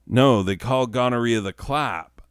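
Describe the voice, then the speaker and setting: A man's voice: medium pitch, unhurried, clear, resonant tone, no echo, studio quality, lightly acted. A man playing a petty, boastful teenage boy witch in a comedic character monologue, rambling with lots of fillers. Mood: smug.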